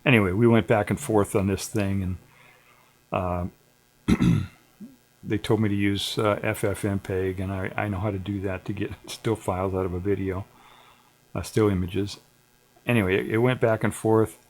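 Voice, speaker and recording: A man's voice: fairly low pitch, level tone, moderate pace, a little mellow. A middle-aged man hosting a livestream, chatting in a laid-back, digressive way with frequent chuckles. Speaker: livestream host. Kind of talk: casual rambling livestream chat.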